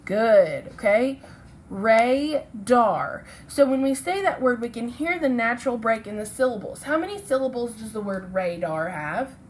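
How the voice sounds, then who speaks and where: A woman's voice: on the high side, animated, moderate pace, few pauses, slight background noise. A woman teacher giving a recorded phonics lesson to children, speaking patiently and sounding out letters and syllables.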